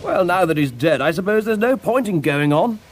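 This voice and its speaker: An actor playing a jovial, wine-loving, lazy Victorian lord with a posh drawl in an audiobook drama. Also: male voice, high voice, animated, brisk, slight background noise.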